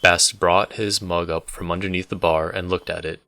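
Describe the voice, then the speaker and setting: Deep bright voice, man reading a book aloud steadily, dry sound. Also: flat delivery, moderate pace, few pauses, no room sound. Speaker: book reader. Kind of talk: audiobook narration.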